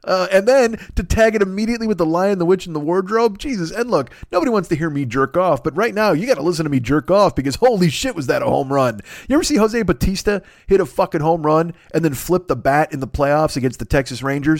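A man rants through a podcast segment, swearing freely and mocking as he goes. His voice sits a little higher than most men's. The recording is dry, with no room sound around him. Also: animated, fast talker, hardly any pauses, dry recording. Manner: profane, ranting, mocking. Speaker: podcast host. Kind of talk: profane comedic rant.

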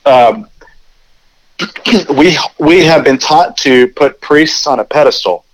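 A man's voice: fairly high pitch, expressive, takes it slowly, low-quality recording. Frank man as a podcast guest. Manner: earnest, frank, with filler "you know". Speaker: podcast guest, former seminarian. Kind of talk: casual conversation.

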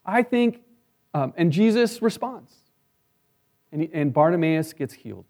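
A man with a high voice delivers a sermon in an easygoing, conversational way. He keeps turning to his listeners with quick "right?" asides as he explains. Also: animated, darkish tone. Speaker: pastor.

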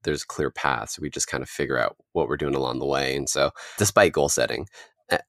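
A man's voice: extremely low pitch, a little fast, creaky, a bit bright, dry recording, clean studio sound. A man hosting an interview, asking thoughtful, searching questions. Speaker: interview host.

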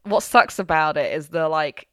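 A woman's voice: low voice, normal speed, fairly bright tone, clear, resonant tone, no echo. A woman co-hosting a podcast in casual chat, dropping dry joking asides while sharing one microphone. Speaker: podcast co-host.

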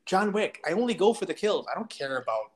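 A man's voice: high-pitched, very animated, fast talker. Young guy cussing his way through a movie chat, blunt, trash talk. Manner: profane, blunt, trash-talking. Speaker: podcast host. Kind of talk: crude casual chat.

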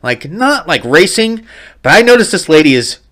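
Give me a man in his thirties, a podcast co-host with a slightly high voice, telling a profane story. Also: normal speed. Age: 30s. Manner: animated, profane, laughing storyteller. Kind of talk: casual storytelling chat.

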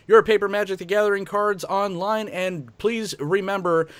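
A man hosting a casual card-game show, joking and halting with fillers and restarts. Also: sits high, fairly even intonation, clear, resonant tone, no echo. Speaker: podcast host.

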